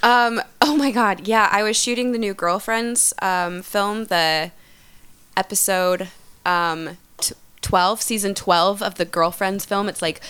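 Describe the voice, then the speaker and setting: A woman's voice: medium pitch, a little slow, a bit bright, smooth. A young woman chatting as a guest, talkative and loose, with lots of fillers and casual swearing. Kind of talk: casual chat.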